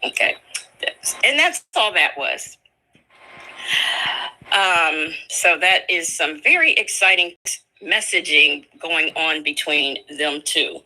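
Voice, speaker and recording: Lady streamer chatting slow, real bright tone, voice bounces up and down a lot. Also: sits low, animated, poor audio. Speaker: livestream host. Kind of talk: casual livestream chat.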